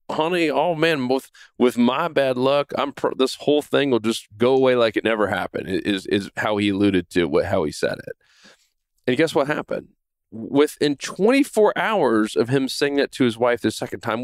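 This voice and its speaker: A middle-aged man hosting a podcast, telling a true story in a casual, earnest way with many restarts and quick "right?" asides. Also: medium pitch, dry recording, clean studio sound. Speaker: podcast host. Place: home in Florida.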